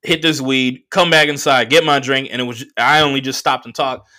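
A man who is a stand-up comedian and podcast host telling a profane, animated story full of fillers. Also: medium pitch, normal speed. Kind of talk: casual storytelling monologue.

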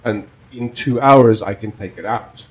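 A young man co-hosting a podcast, telling a story in a casual, animated and profane way. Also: fairly low pitch, unhurried, slightly rough, poor audio. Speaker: podcast co-host.

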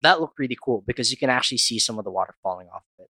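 A young man in casual chat, talking quickly and laughing often. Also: mid-range voice, lively intonation, bright, forceful tone, slightly rough, no echo. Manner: chatty, laughs often, jokey put-on voices.

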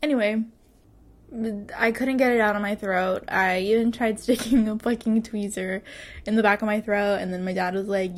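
In a casual storytime monologue, a vlogger in her twenties talks to her viewers in a mid-range voice at a steady tone and normal speed. She's chatty, swears freely, laughs often and uses lots of fillers.

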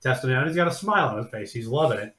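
A man hosting a podcast, retelling a scene in casual chat as an animated storyteller who swears freely. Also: medium pitch, very fast. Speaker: podcast host. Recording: echoey room.

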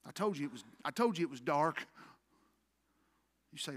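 A man preaching a sermon as pastor, swinging from quiet murmurs to loud impassioned peaks. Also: a little high, lively intonation, normal speed. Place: church sanctuary.

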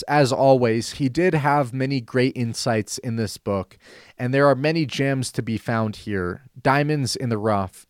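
Male talk-show host, earnest and deliberate, repeats for emphasis; dry booth sound. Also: mid-range voice, dry recording. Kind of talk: Christian talk show monologue.

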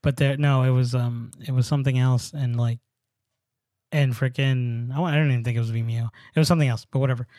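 A man's voice: medium pitch, fairly even intonation, brisk, mellow, no room sound, studio quality. A young man co-hosting a casual podcast chat, rambling with lots of fillers and swearing. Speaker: podcast co-host.

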